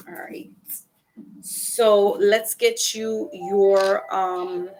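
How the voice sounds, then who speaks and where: A woman's voice: mid-range voice, steady tone, measured pace, creaky, slight background noise, rough recording. A woman giving a casual tarot reading to her viewers, chatty and talking to people in the chat by name. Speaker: tarot reader. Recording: music playing behind.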